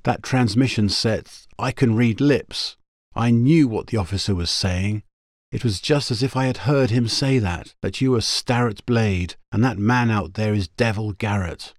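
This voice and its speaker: A man voicing a frightened young woman held captive, speaking quickly and breathlessly. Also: mid-range voice, darkish tone, dry recording, studio quality, voice pushed up, lightly acted. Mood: urgent.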